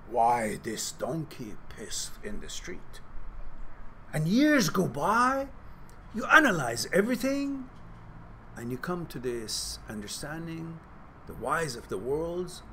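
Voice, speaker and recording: Blunt, animated male advice host. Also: on the high side, slight background noise. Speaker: host and author giving advice. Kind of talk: Q&A advice talk.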